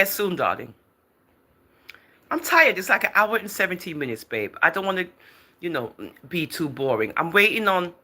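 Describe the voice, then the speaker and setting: Bright, lively woman on a livestream. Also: lowish voice. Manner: chatty and teasing, often laughing, calls viewers darling and girl. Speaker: livestream host. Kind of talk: casual livestream chat, reading out viewer comments.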